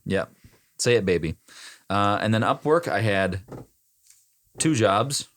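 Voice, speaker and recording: Deep-voiced guy joking around, listing his weekly numbers, dry sound. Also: lively intonation, slow, a bit bright, dry recording. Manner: joking, rattles off figures. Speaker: podcast co-host, voiceover talent. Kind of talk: casual podcast chat.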